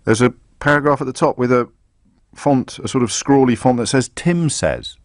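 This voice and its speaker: A man's voice: medium pitch, moderate pace, no echo, studio quality. A man hosting a live radio talk show, reading aloud on air with sarcastic, mocking asides. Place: radio studio. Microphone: studio microphone.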